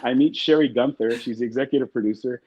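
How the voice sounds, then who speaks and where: A man's voice: medium pitch, fast talker, husky. A man in an interview, telling stories casually in a rambling, profane way and acting out what people said. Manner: rambling, profane, acts out quotes. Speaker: interview guest. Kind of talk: casual storytelling. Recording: muffled lo-fi sound.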